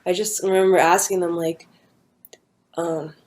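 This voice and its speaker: A woman's voice: on the low side, level tone, measured pace, a little mellow. A young woman talking at home, telling a personal story in a rambling casual way with many fillers and restarts. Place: at home with her dog nearby.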